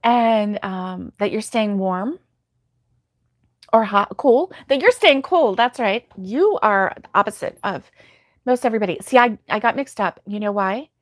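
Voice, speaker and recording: A woman's voice: mid-range voice, lively intonation, a little slow, no room sound, studio quality. A sleepy woman hosting a casual live stream, chatting to viewers by name with many ums and laughs. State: sleepy, yawning. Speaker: crochet channel host reading live chat.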